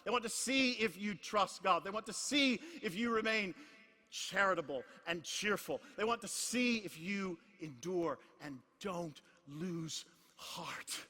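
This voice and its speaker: Man, middle-aged, pastor preaching, emphatic, hushed to shouting, sharp tense tone, long reverb of a big hall. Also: high-pitched, lively intonation, measured pace. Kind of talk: sermon. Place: large conference hall.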